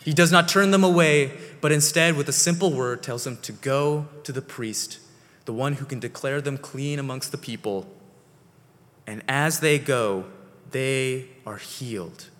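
A man preaching a sermon as pastor, slow and deliberate, his phrases sinking soft at the ends. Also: medium pitch. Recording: long hall reverb.

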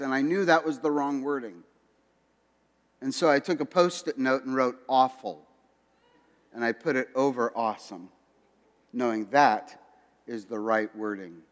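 Male pastor, slightly high voice, chatty sermon delivery, long church reverb. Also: unhurried, fairly bright tone. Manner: conversational preaching with asides to the congregation. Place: church sanctuary.

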